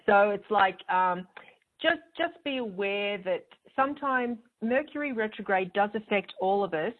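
A woman's voice: medium pitch, lively intonation, measured pace. Astrology host, female, mid-range voice, rambling and friendly, heard through a tinny phone line. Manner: chatty, rambling, with fillers and restarts; smiling as she talks. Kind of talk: casual spoken explanation.

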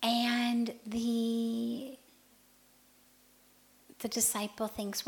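A woman spiritual teacher hosting a radio talk, telling a parable in an animated way that shifts between hushed and loud passages. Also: mid-range voice, measured pace.

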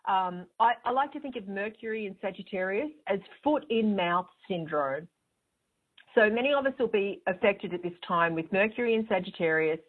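A woman hosting an astrology show, explaining in a chatty, rambling way with a smile in her voice. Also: mid-range voice. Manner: chatty, rambling, with fillers and restarts; smiling as she talks. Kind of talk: casual spoken explanation. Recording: tinny phone-line sound.

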